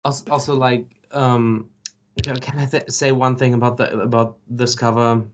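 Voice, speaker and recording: Wry, halting man chatting on a podcast. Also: medium pitch, level tone, a little hiss or hum. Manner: halting, filler-heavy, wry. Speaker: podcast co-host. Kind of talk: casual chat.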